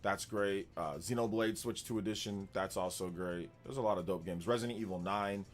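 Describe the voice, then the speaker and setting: A man with a fairly low voice hosts a gaming live stream in a loose, rambling way, reacting to viewers as he goes. Faint music plays quietly behind him. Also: fairly quick. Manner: relaxed, rambling, answers chat and laughs often. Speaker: gaming livestream host. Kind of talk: casual live-stream chat.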